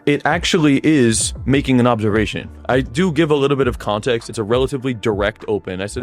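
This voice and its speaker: Male coach, mid-pitch, upbeat instructive voice-over, re-enacts his quotes, faint music bed. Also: fast talker, few pauses. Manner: energetic, instructive, acts out his own lines. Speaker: dating coach. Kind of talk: video breakdown voice-over.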